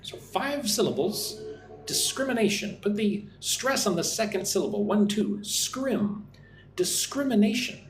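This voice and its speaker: A man teaching an English lesson on a livestream, chatting with viewers and modelling pronunciation slowly, often asking "right?". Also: high-pitched, big pitch swings, slight background noise. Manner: friendly, repeats "right?" often, slow careful modelling of words. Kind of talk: live-streamed English lesson. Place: home in Vietnam. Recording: echoey room with faint ambience.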